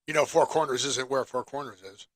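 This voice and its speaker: A man's voice: medium pitch, fairly even intonation, fairly quick, fairly bright tone, no room sound. A man co-hosting a casual podcast chat, joking around and pressing his co-host with teasing questions.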